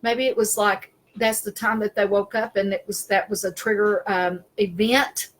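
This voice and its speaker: A woman spiritual consultant chatting casually over a video call, self-deprecating and quick to laugh, often trailing off. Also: mid-range voice, flat delivery, rough recording. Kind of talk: casual chat.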